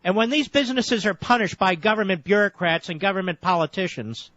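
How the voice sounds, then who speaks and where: A male talk radio host with a high voice who lectures and keeps interrupting. The sound is dull and lo-fi, and the booth is dry and close. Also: fairly quick, a bit bright, no echo. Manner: lecturing, insistent, cuts the caller off. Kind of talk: combative call-in radio debate.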